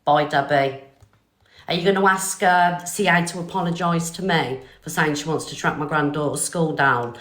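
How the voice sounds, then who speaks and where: Older woman, live stream host, blunt, low-pitched, roomy echo. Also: normal speed, a bit bright. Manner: blunt, defiant, swearing. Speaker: livestream host.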